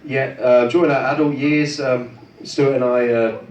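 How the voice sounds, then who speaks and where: A man's voice: mid-range voice, steady tone, unhurried, muffled recording, slight background noise. A tipsy man giving a rambling, crude wedding speech for his brother, full of hesitations and self-deprecating jokes. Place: wedding reception hall with guests. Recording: roomy echo, distant mic, loud crowd.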